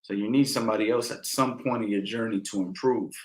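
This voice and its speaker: A man's voice: lowish voice, fast. Laid-back male boxing coach, roomy sound. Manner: relaxed, peppers talk with "you know" and "man". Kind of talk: casual Q&A instruction.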